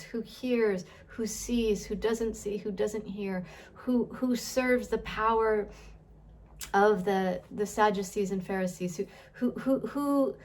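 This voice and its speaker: A woman teaches scripture in a relaxed, conversational way. She thinks aloud, often restarts and repeats words, and keeps putting questions to her listeners. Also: mid-range voice. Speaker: Bible teacher. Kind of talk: casual Bible teaching.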